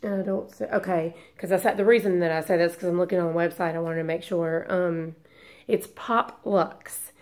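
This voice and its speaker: A woman's voice: on the low side, flat delivery, brisk, a little mellow. Congested woman rambling to camera. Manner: rambling, hesitant, apologetic. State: congested from a long illness. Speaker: beauty vlogger. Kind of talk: casual chat to camera.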